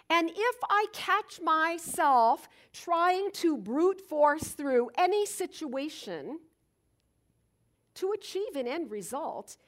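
A woman with a high voice gives an unhurried spiritual talk. She speaks slowly, and her pitch swings widely as she acts out everyday stories. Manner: animated storytelling, acts out moments.

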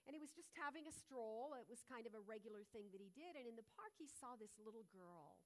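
A woman's voice: a little high, animated, quick pace. A woman giving a spiritual talk and telling a story, meandering with frequent fillers and restarts.

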